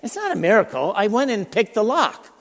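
A man's voice: high voice, big pitch swings, fairly quick, fairly bright tone, voice pushed up, heavily acted. Plain-spoken humble angel voiced by a male pastor, in a reverberant hall. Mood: matter-of-fact.

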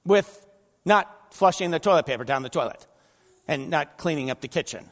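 A man's voice: fairly high pitch, animated, normal speed, pauses often, big-room sound. An older man preaching a conversational sermon, often repeating words and putting questions to his listeners. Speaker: pastor. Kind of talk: sermon with slides.

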